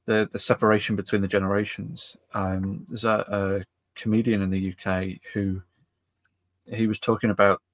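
A man's voice: lowish voice, no room sound. A man hosting a podcast in casual chat, rambling and often restarting his phrases. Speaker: podcast host.

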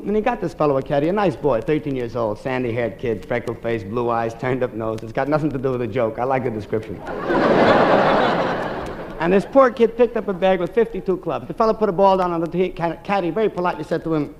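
A man, a stand-up comedian, telling a comic monologue in rapid-fire style. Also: mid-range voice, lively intonation, rough recording. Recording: hissy 1950s radio recording.

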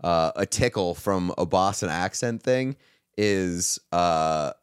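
A man's voice: deep voice, lively intonation, slow, clear, resonant tone, dry recording, clean studio sound. A man co-hosting a podcast in casual chat, making wry, sarcastic quips. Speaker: podcast co-host.

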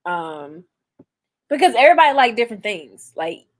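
A young woman co-hosting a casual chat, telling blunt, animated stories full of slang. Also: fairly high pitch, normal speed. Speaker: podcast co-host. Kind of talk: casual chat reacting to a reality show.

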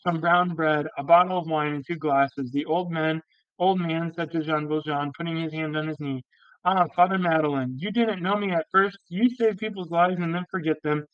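Man reading an old novel, steady with small slips, dry dull home recording. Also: on the high side, clean tone, dry recording. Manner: steady, with occasional slips and restarts. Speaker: audiobook reader.

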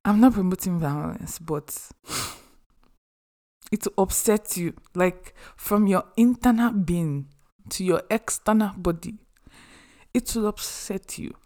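A young woman talks straight to her listeners in a mid-pitched voice. She is chatty and expressive and slips humorous asides into her advice. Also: takes it slowly, pauses often. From Nigeria. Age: young adult. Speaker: podcast host. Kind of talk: casual advice monologue.

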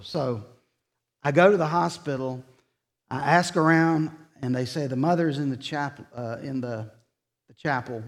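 A man preaching. He is earnest and tells the story by quoting what people said. At the solemn points his voice falls soft and slow. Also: mid-range voice. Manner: retells conversations in quoted dialogue, earnest. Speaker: pastor. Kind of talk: sermon storytelling.

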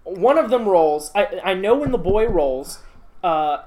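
A man's voice: high voice, expressive, unhurried, dark tone. A man in casual chat recalling a movie plot, hesitant and full of restarts, laughing along.

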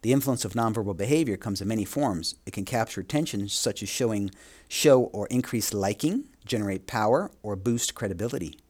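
A man teaching a course, reading from a textbook and adding quick asides, sometimes correcting himself as he reads. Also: fairly low pitch, darkish tone. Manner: reads aloud with asides and small self-corrections. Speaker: instructor. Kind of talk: reading a textbook aloud with comments.

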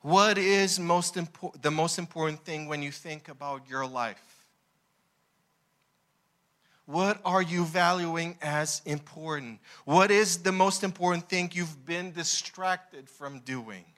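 A male pastor preaching a sermon in an animated, emphatic way, asking the congregation to repeat after him. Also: on the high side, slow pace.

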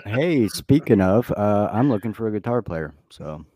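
A man's voice: lowish voice, lively intonation, normal speed, crowd noise. A man joking around as a podcast co-host, with crude humor. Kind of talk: casual chat.

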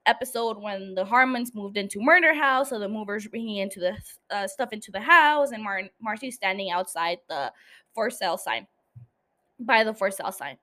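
A woman's voice: mid-range voice, animated, normal speed, bright, forceful tone. A young woman hosting a solo podcast, chatting casually, swearing freely and laughing often. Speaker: podcast host.

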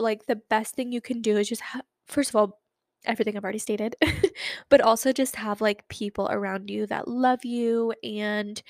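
A woman's voice: medium pitch, vocal fry, no echo, clean studio sound. A young woman in her twenties hosting a solo podcast, talking in a chatty, rambling way with lots of fillers. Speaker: podcast host.

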